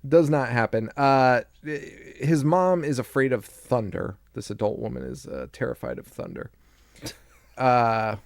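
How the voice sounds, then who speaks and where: A man's voice: mid-range voice, unhurried, vocal fry, no echo, clean studio sound. A man co-hosting a podcast, recapping a film in casual, profane chat, laughing often and acting out lines. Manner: laughing, loose and profane, acts out quotes. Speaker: podcast co-host.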